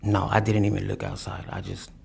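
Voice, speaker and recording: A young man testifying in court, halting and repetitive, with many fillers and restarts. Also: fairly low pitch, very animated, vocal fry, darkish tone, a little hiss or hum. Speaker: defendant testifying.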